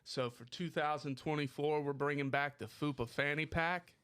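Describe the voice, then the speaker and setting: A man hosting a casual podcast, animated, profane and joking with his co-hosts. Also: a little high, moderate pace, clean tone. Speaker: podcast host.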